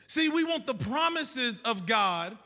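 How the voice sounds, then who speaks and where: High, bright-voiced preacher in a hall. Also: male voice, very animated, slow pace. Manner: sing-song preaching cadence; storytelling with acted-out dialogue. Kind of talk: sermon. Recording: long reverb of a large hall.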